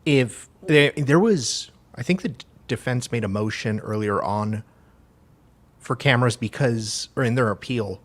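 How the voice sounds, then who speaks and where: Husky-voiced male co-host. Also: medium pitch, measured pace. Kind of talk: casual live stream chat.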